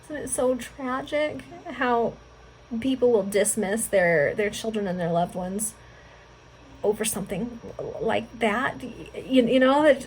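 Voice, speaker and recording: A woman reading a novel aloud to friends over a video call, earnest and expressive, stopping for heartfelt asides. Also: a little high, moderate pace, slightly rough, poor audio. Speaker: volunteer reader.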